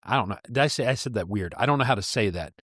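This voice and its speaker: A man's voice: lowish voice, lively intonation, fast, fairly bright tone, breathy edge, dry recording, clean studio sound. A man co-hosting a Christian podcast, talking earnestly and reading scripture in a preacherly way. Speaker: podcast co-host. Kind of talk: casual Christian podcast discussion.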